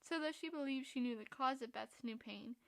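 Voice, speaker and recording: A woman narrating a classic novel for a podcast in a steady, measured reading. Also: high voice, vocal fry, no room sound. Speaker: podcast reader.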